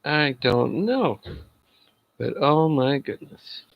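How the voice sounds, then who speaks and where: Male reviewer, casual solo talk, some fry in the voice, dull home mic. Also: mid-range voice, expressive, slow pace, a little hiss or hum. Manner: chatty, laughs at his own jokes. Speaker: wrestling show reviewer.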